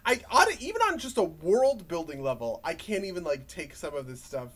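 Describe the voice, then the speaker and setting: A man's voice: a little high, a little fast. Young man chatting casually about games. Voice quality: relaxed, filler-heavy, laughs along. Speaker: podcast co-host.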